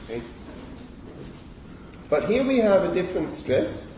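A man lecturing at a university sits high in pitch with big swings, speaking a little slowly in a mellow voice. He thinks aloud, peppering his talk with okays and fillers and revising himself mid-stream. The lecture hall sound is echoey, captured from far away with slight background noise.

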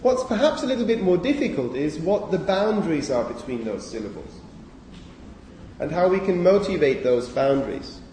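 A man's voice: fairly high pitch, very animated, moderate pace, mellow, slight background noise. A man giving a university phonetics lecture, explaining step by step and checking in with students with frequent "okay"s. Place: large lecture hall. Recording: echoey lecture hall from a distance.

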